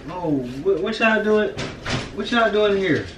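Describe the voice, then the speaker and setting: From a camera perched on the refrigerator, a prank-vlogging husband gives slangy, chatty kitchen talk, calling his audience fam. His voice is high-pitched and measured, and the sound is lo-fi with a noisy background.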